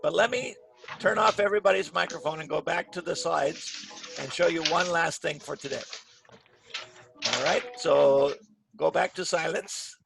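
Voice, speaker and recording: A male English teacher leads an online grammar class, his voice slightly high and gravelly. He talks patiently and clearly, leaning hard on the words he wants students to copy. The call carries a faint background hiss. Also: moderate pace. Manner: clear, patient, models stressed words loudly. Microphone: computer mic on a video call.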